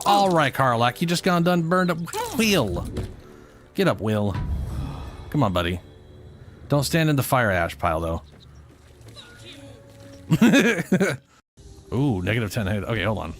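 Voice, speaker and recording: A man hosting a let's play, giving casual gameplay commentary, excitable, swearing and laughing often. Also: mid-range voice, measured pace, pauses often, soft background music.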